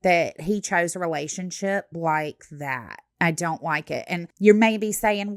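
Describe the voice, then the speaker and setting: A woman's voice: lowish voice, animated, measured pace, few pauses, fairly bright tone, dry recording, clean studio sound. A young woman giving blunt, sarcastic reaction commentary, swearing freely. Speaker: commentary host.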